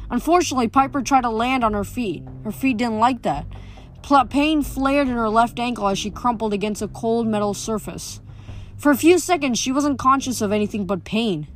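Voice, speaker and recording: A woman reading a novel aloud and chatting about it, often stumbling and correcting herself. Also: on the high side. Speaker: book reader.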